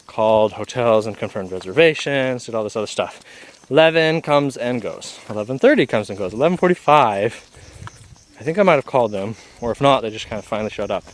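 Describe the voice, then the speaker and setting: A young man, a travel vlogger, telling a story in a casual, laid-back way, full of "like" and acted-out quotes. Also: on the low side.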